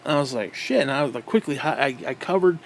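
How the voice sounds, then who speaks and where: A man delivering an angry, profane rant as a gaming vlogger, with loud outbursts. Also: mid-range voice, quick pace, slight background noise. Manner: profane and aggressive.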